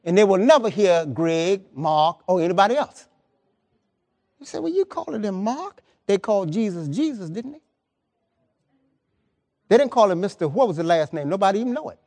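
A man's voice: sits high, lively intonation, normal speed, pauses often, darkish tone. A man preaching a sermon as pastor, emphatic and colloquial, repeating words and pressing his points to the congregation. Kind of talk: lively sermon.

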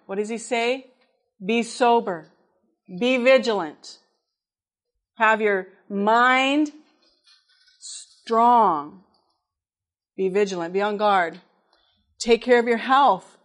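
A woman's voice: fairly high pitch, slow pace, pauses often. A woman preaching in a conversational, storytelling way, laughing at times as she tells her story. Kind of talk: storytelling sermon.

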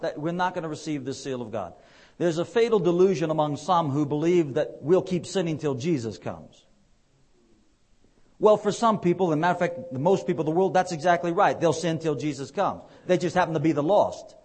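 A man's voice: on the high side, a little mellow. A man preaching a conversational sermon, with rising emphatic peaks and frequent fillers.

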